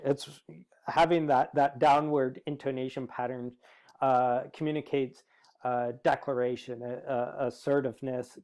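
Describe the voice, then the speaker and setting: A man's voice: fairly high pitch, darkish tone, clear, resonant tone. A man giving a lecture, explaining his points steadily with frequent filler words. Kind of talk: recorded lecture.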